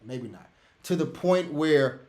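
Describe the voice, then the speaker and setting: Over a video call's computer mic, a man with a higher, lively-toned voice leads a trading webinar at a slow pace in a reverberant space. He hammers his points home repetitively and addresses the whole audience, alternating loud ranting with softly spoken asides.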